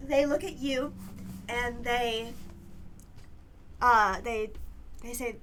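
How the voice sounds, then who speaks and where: A woman's voice: fairly high pitch, steady tone, extremely slow, long pauses, fairly bright tone, slight background noise. A woman running a tabletop game as game master, narrating hesitantly with many fillers and frequent laughter.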